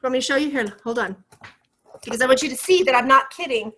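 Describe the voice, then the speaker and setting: A woman with a high, bright voice leads a motivational training session over a video call. She talks with lively energy, encourages her listeners and keeps firing questions at them. She sounds upbeat and sure of herself. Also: quick pace. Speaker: team leader coaching a sales team.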